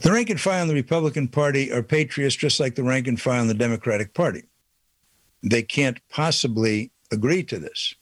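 A man's voice: medium pitch, brisk, no echo. A man delivering an indignant political opinion monologue, pressing his points with repeated rhetorical questions. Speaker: political commentator.

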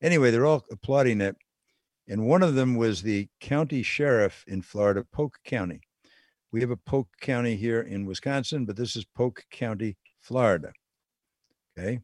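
A man of medium pitch speaks at a moderate pace, his voice a little mellow, in a dry, clean studio recording made on a studio microphone. He's a radio talk show host delivering a political call-in monologue from the studio, indignant and incredulous, laughing at what he reports.

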